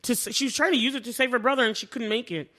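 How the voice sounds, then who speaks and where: A young adult woman co-hosting a casual review podcast, excitable and animated, acting out quotes as she talks. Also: on the high side, rapid-fire. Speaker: podcast co-host.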